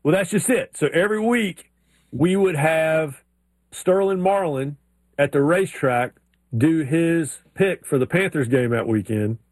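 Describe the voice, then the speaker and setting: A man co-hosting a sports talk show, his voice sitting a little high and recorded very dry and close. He tells stories in a loose, animated way, slipping into drawled impressions. The chat stays casual throughout. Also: unhurried, no echo. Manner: animated storyteller, mimics drawls in anecdotes. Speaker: sports radio co-host.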